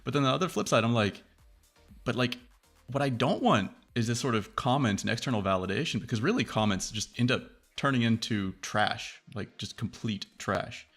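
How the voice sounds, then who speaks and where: A man hosting a casual tech chat, rambling and profane, acting out quoted reactions in a lively way. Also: mid-range voice, normal speed, soft background music. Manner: animated, acts out quoted reactions.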